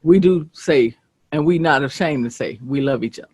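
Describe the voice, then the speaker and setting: A host from the American South, chatting casually, telling stories bluntly and swearing freely. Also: female voice, sits low, moderate pace, husky, no echo, lo-fi sound. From Southern United States. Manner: animated, blunt, swears freely, asks "you get what I'm saying". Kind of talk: casual storytelling chat. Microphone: streaming setup.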